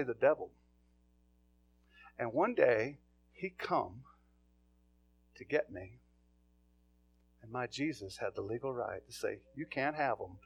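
A man preaching a sermon, telling stories in a folksy, plain-spoken way and swinging from quiet asides to loud calls. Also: mid-range voice, creaky, breathy edge. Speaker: pastor.

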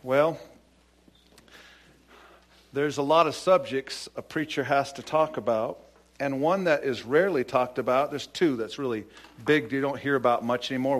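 A middle-aged man preaching a sermon in a conversational way, with many fillers and restarts as he tells stories. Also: medium pitch. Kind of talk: sermon with personal storytelling.

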